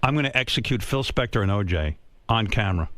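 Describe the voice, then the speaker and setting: An older man hosting a radio show, telling a crude comic story with brash boasting and quick mocking voices. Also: lowish voice, expressive, a bit bright, no room sound. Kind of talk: crude comedic radio banter. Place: radio studio.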